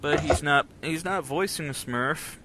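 In this casual podcast chat about old shows and animated films, the male co-host is animated and jokey, rambling with restarts. He speaks unhurriedly in a slightly high voice, and there's background noise.

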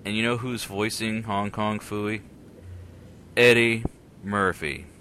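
A man's voice: fairly low pitch, slow pace. A man co-hosting a podcast, chatting casually about old shows and cartoon films in a jokey, rambling way. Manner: animated, jokey, rambling with restarts. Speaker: podcast co-host. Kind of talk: casual chat.

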